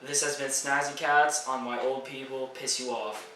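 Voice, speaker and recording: A teenage boy with a bright, slightly high voice talks crudely and offhandedly. He sits back from the mic in a very echoey room, with a faint hiss behind him. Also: level tone, moderate pace, distant mic. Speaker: vlogger. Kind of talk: casual chat.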